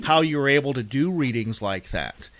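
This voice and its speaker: A man hosting an interview, asking questions in a halting way with repeated words. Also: medium pitch, animated, fairly bright tone, dry recording. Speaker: interviewer host.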